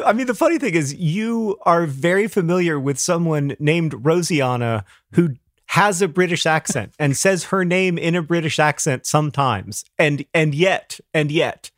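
A man's voice: a little high, expressive, no room sound, studio quality. Playful middle-aged man on a podcast. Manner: rambling, playful, quick to laugh. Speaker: podcast co-host. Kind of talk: casual chat.

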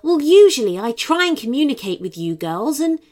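A gentle talking horse explains kindly and patiently in a soft voice, as a woman reads her part. Her voice sits high and moves in a lively way, at an unhurried pace. Quiet music plays underneath. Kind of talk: storybook character voice.

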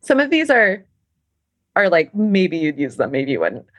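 A woman's voice: fairly low pitch, wildly swooping pitch, a little slow, no room sound. A young woman, a professional climber, chatting in a casual podcast interview, laughing often and talking with many fillers.

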